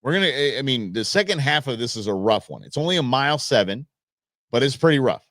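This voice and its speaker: A man's voice: mid-range voice, quick pace, no echo, clean studio sound. A man in his fifties, a show host, telling a funny personal story in a casual, joking way and acting out the back-and-forth he had with someone. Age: 50s. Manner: animated, joking, acts out quoted exchanges.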